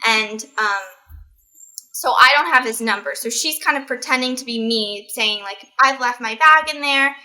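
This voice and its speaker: A young woman with a bright, slightly high voice tells a story in easy casual chat. She acts out every exchange with animated energy and quick shifts into the voices of the people she quotes. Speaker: guest.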